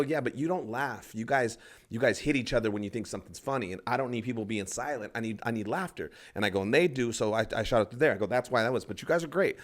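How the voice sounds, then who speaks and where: A stand-up comedian tells a rambling story at a quick clip. His voice sits on the low side, and he acts out everyone else's lines as he goes, swearing freely. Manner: rambling, animated, acts out other people's lines, swears a lot. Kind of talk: casual podcast storytelling.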